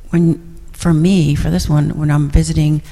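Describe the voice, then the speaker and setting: A woman's voice: low-pitched, level tone, moderate pace, mellow, in a large hall. A middle-aged woman sharing reflections in a class, rambling with many fillers and restarts. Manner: rambling, full of fillers and restarts, laughs often. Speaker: class participant.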